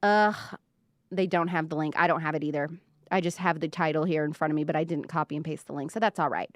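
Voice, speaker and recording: A woman's voice: low voice, fairly even intonation, fast talker, no echo, clean studio sound. A young woman hosting a casual pop-culture livestream, chatty and gossipy, full of "like" and reading viewer comments aloud. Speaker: livestream show host.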